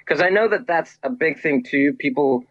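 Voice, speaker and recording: A man, a musician guest, sharing opinions in casual chat, hesitant and measured. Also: on the high side, animated, fairly bright tone. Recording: muffled lo-fi call audio.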